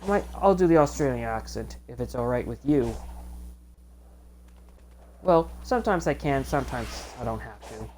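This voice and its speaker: A woman giving casual game commentary as a video host, chatty and excitable, with rambling asides. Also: very deep voice, moderate pace, long pauses, slight background noise.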